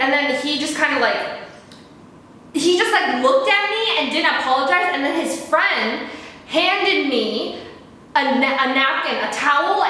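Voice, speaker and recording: A young adult woman telling a story in a casual, fast, frantic rant, repeating herself and swearing. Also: sits high, pushed and bright. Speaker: vlogger. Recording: very echoey room.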